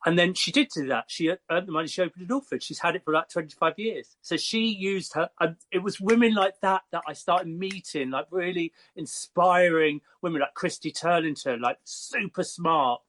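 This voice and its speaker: An English man in his fifties, a hairstylist guest telling lively, chatty stories with frequent fillers. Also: sits high, moderate pace, hardly any pauses. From Croydon, England. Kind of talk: casual storytelling.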